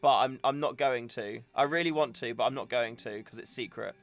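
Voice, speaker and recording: A man's voice: medium pitch, fairly quick. A young man hosting a casual livestream, chatting and joking in a rambling way. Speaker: livestream host. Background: faint music.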